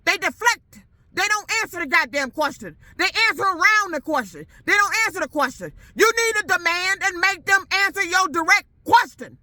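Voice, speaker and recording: A woman's voice: very high-pitched, animated, normal speed, bright, forceful tone, dry recording. A woman ranting to her camera in a vlog, irate and profane, hammering the same questions over and over. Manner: irate, profane, repeats herself. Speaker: vlogger. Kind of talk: angry rant to camera.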